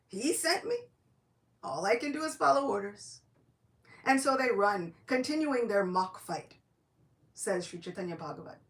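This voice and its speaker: A woman's voice: medium pitch, moderate pace, long pauses. A woman giving a devotional lecture, telling a story and acting out each character's lines in quoted voices. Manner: animated, acts out dialogue in quoted voices.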